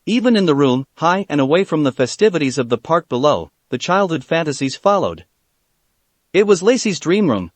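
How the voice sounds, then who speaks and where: A man narrating a fan fiction story aloud in an expressive storytelling manner. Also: on the high side, no room sound.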